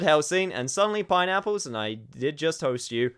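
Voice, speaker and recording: A male streamer with a fairly high, very animated voice talks at a moderate pace, his tone a bit bright. He chats casually with viewers about the game he's playing, swearing now and then. Faint game music and slight background noise sit behind him.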